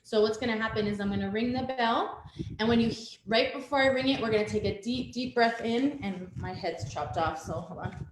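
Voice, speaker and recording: Woman leading a gentle family yoga class from home, calm and easy. Mid-pitched voice, roomy room sound. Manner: gentle, calm instructions with soft laughs. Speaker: yoga teacher. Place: at home, with a dog nearby. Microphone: webcam on a video call. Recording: roomy home room with faint background noise.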